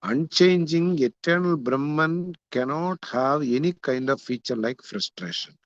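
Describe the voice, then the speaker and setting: In this lecture on a Sanskrit text, a man with a somewhat high voice teaches a scripture class at a measured pace, explaining Sanskrit terms one at a time and repeating points for emphasis. The audio has no echo, but the high frequencies are cut off.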